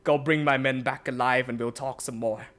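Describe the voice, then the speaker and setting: A man's voice: medium pitch, fairly even intonation, normal speed, fairly bright tone, lightly acted. A man voicing a cunning, commanding male tavern boss in a tabletop game. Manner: commanding, testing.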